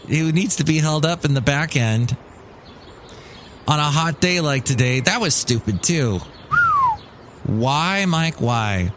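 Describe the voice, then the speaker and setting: A man's voice: mid-range voice, a little hiss or hum. A middle-aged man hosting his own podcast in a casual solo monologue, wry and grumbling, slipping into mocking voices. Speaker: podcast host.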